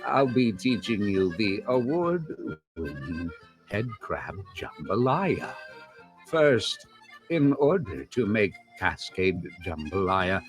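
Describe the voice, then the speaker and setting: Low-voiced guy doing a goofy recipe bit, slow and swooping. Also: sing-song, faint music behind, low-quality recording. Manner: slow, showy instructional delivery. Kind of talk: mock cooking-show recipe.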